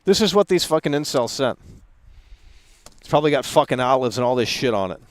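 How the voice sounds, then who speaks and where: A man's voice: medium pitch, lively intonation, a little fast, dry recording. A man hosting a live stream, ranting bluntly at his chat and swearing freely. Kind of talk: casual live-stream rant.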